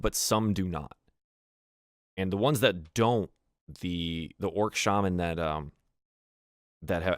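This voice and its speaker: A man's voice: low-pitched, no echo, studio quality. A man narrating a tabletop game as game master, describing scenes casually with many fillers.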